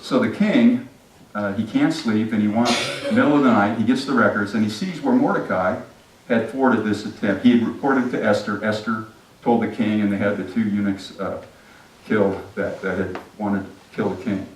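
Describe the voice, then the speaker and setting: A man's voice: lowish voice, moderate pace, slight background noise. A male pastor giving a sermon, retelling a story casually and with humor. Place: church sanctuary. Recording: echoey sanctuary, distant mic.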